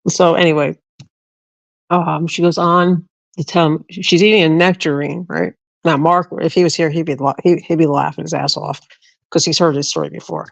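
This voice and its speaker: A woman's voice: low-pitched, fairly even intonation, normal speed, creaky, pauses often, no room sound, poor audio. A middle-aged woman hosting a livestream, telling a rambling story casually to her viewers, swearing freely and often restarting her sentences. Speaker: livestream host.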